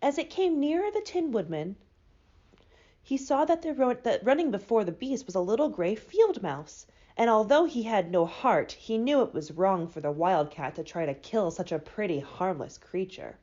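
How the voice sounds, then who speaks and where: A woman librarian reading a children's book aloud with expressive storybook delivery. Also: mid-range voice, normal speed, highs cut off.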